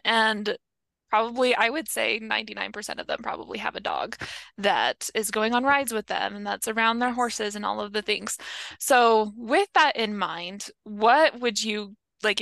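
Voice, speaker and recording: Female host, fry in the voice, dry close sound, friendly and unhurried. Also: mid-range voice, fairly bright tone, no room sound. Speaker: podcast host. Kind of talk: interview questions.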